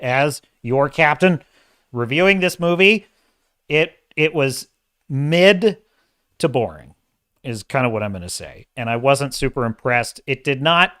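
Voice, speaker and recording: A man's voice: medium pitch, a little slow, clean tone, no room sound, clean studio sound. A man hosting a live-stream show, giving a rambling, opinionated movie review and often correcting himself mid-thought. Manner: opinionated and animated. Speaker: podcast host.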